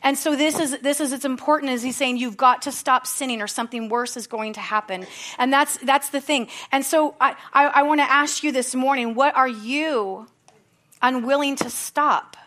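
High-voiced woman preaching fervently. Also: moderate pace, pushed and bright. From United States. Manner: fervent, exhorting, repetitive calls to action; conversational asides, laughs at herself. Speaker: pastor. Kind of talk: sermon.

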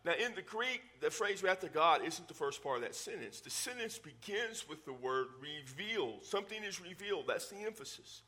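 Bright-voiced preacher teaching. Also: male voice, fairly high pitch, big pitch swings, normal speed, hardly any pauses, breathy edge. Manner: explanatory teaching preacher with conversational asides. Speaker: pastor. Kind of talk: sermon.

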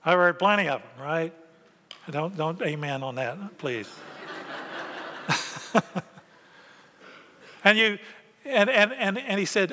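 A man's voice: high-pitched, expressive, measured pace, long pauses, sharp tone, big-room sound. A man preaching a conversational sermon as pastor, acting out quoted thoughts along the way. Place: church sanctuary.

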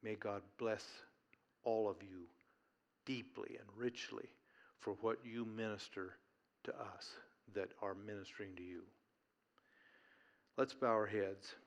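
A man's voice: on the low side, steady tone, slow, pauses often. A male pastor preaching an earnest, folksy sermon during a church service.

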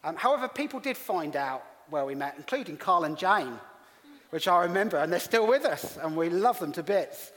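English pastor preaching in an echoing hall. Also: male voice, sits high, lively intonation, moderate pace, a bit bright. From England. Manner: storytelling, self-deprecating humour. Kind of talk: sermon. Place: church hall. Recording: long reverb of a church hall.

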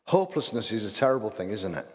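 A man's voice: lowish voice, big pitch swings, fast, a little mellow. Hull-accented man preaching in a reverberant hall. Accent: Hull English. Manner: conversational preaching with rhetorical questions and restarts. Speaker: pastor. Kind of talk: sermon.

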